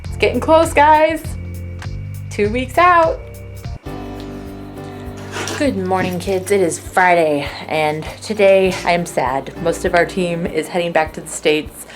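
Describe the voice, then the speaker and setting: A young adult woman talking to camera in a casual vlog, chatty and emotional, acting out her own quotes with lively swings. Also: lowish voice, slow, long pauses, music in the background. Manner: emotional, chatty, animated quoting. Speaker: vlogger, spacecraft engineer.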